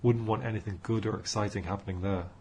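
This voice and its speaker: A man's voice: fairly low pitch, steady tone, fast, darkish tone, slight background noise, natural voice. A man reading an audiobook, voicing a character's cruel, sarcastic inner voice with a contemptuous manner. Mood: sneering.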